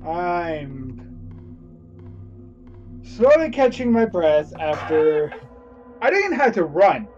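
High, swinging male horror-game player. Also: big pitch swings, very slow, long pauses, lo-fi sound, faint music behind. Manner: jumpy, loud yelps and frequent swearing. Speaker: gamer playing a horror game. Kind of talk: let's play commentary.

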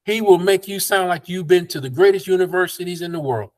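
A man's voice: sits high, a little fast. A man, a pastor teaching a Bible study over a video call in a folksy, preacherly way. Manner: preacherly, folksy, laughs between points.

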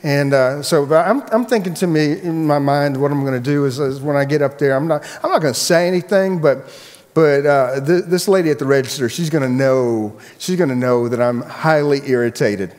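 A man, the pastor, preaching a sermon and telling a personal story in a relaxed, chatty way with frequent restarts. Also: on the high side, moderate pace, big-room sound. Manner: casual storytelling, many restarts.

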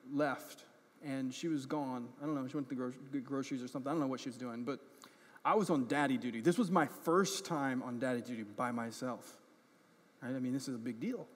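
A male pastor preaching a conversational sermon with a personal story. He keeps checking in with the congregation and pokes fun at himself. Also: medium pitch. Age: adult parent. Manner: conversational, often checking in with "right?" and "okay?"; self-deprecating, grows animated in funny moments. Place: church sanctuary. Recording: church hall reverb.

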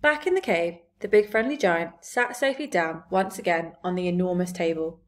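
A woman narrating a children's book aloud in a clear, steady storytelling voice. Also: on the low side, moderate pace, hardly any pauses.

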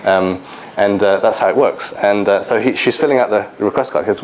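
A man from England speaks in a fairly low voice, telling anecdotes to illustrate a lecture. He stumbles through fillers and restarts as he goes. A faint hiss of background noise sits under the recording. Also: fairly quick, poor audio. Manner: storytelling with many fillers and restarts.

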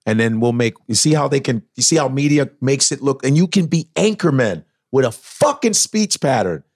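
Emphatic man in animated chat. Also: medium pitch, normal speed, breathy edge, no echo, studio quality. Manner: animated, breaks into mimicked voices; emphatic, profane. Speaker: podcast guest comedian. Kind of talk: casual chat.

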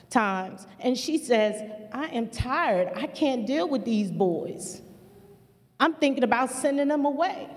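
Woman, community leader talking to a crowd, earnest and repeats herself for punch, kinda high voice, big echoey hall. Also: a little mellow. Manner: earnest, repetitive, preacher-like emphasis. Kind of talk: impassioned public remarks. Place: museum auditorium. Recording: long hall reverb.

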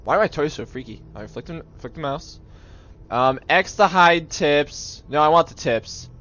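His voice is a little high, expressive and a bit bright as this young man plays a horror game for his channel at a normal pace. He gets jumpy and nervous, makes fun of himself, and goes from whispering to yelping. Faint game music sits behind the dull, lo-fi capture.

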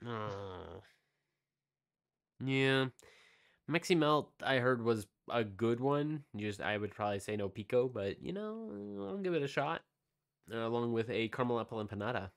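A man co-hosting a casual podcast, reading off release dates and snack news. He rambles with plenty of "uh" and restarts, in an average-pitched voice. The talk stays loose and chatty. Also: very animated, measured pace, creaky. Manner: rambling, reads out release dates with many fillers. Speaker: podcast co-host. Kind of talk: casual chat.

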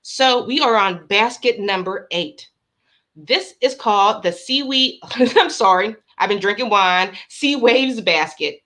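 A woman's voice: medium pitch, fairly bright tone. Woman, livestream host, chatty, bubbly, talks straight to viewers, casual.

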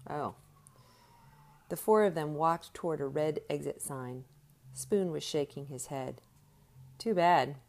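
Woman narrator, low-pitched, steady audiobook reading. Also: moderate pace, vocal fry. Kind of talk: scripted narration.

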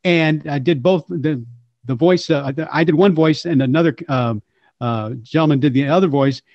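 Older male storyteller, animated and playful, raised pitch, dull lo-fi dry sound. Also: moderate pace, no echo. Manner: lively, slips into character voices. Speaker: voice actor and impressionist guest.

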